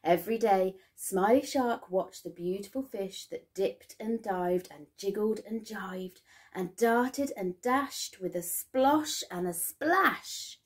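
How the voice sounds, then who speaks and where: A woman teacher reading a picture book aloud to young children in a sing-song, expressive storytelling manner. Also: medium pitch, slow pace, husky.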